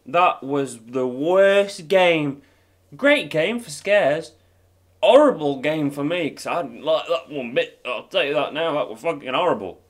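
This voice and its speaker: A man with a British accent playing a horror game, jumpy and swearing, often shouting at what he sees. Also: on the high side, animated, a little slow. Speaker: gamer.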